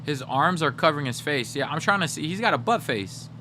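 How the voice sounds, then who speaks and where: A young man hosting a livestream, chatting casually and teasing his viewers in a joking, animated way. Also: on the high side, brisk, noisy background. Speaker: livestream host.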